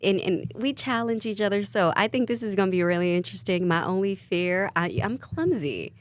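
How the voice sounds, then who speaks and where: A woman co-hosting a morning news show in a studio, chatting casually and reacting quickly with lively questions. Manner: animated, quick reactions, jumps high in pitch on questions. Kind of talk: casual chat.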